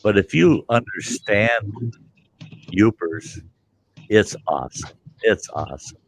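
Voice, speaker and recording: This livestream host, a middle-aged man, tells folksy, meandering stories full of color, voicing the people in them. He has a lowish, creaky voice with lively intonation and an unhurried pace, over a faint hiss or hum.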